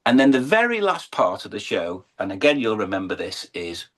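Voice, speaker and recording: A man's voice: on the low side, sing-song, moderate pace, a bit bright. A middle-aged English man, a horse and falcon showman, telling his story in an earnest, emotional interview. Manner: earnest, emotional, building to uplifting emphasis.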